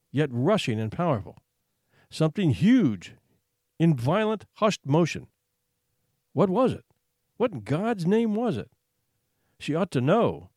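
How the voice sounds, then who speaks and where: A man reading a dramatic short story aloud, building suspense with expressive, hushed pauses. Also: a little high, no echo, studio quality. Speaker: narrator.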